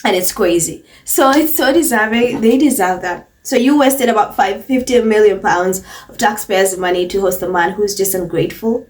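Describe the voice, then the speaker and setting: A woman's voice: medium pitch, normal speed, hardly any pauses, recorded from a distance. A woman hosting a celebrity gossip commentary, mocking in tone, repeating phrases for emphasis. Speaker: commentary channel host.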